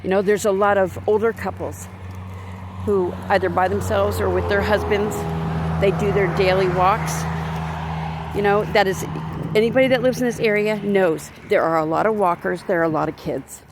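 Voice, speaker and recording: A woman who vlogs and works in crisis response rants indignantly into a handheld phone while walking her dog down a neighborhood street, rambling and restarting often. Her voice is medium-pitched and steady, at a moderate pace. Street noise from outdoors is audible.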